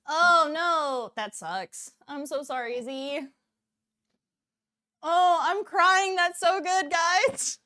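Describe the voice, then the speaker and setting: High-pitched woman on a food stream, bubbly and giggly, chatting with chat. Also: sharp tone. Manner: bubbly, laughs often, reacts to chat. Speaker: cooking streamer host. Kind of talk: casual livestream chat with viewers.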